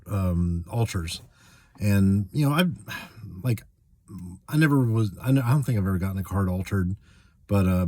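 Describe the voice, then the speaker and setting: Low, dark-voiced man ranting. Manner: halting, many fillers and restarts, getting worked up. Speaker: channel host. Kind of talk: casual spoken rant.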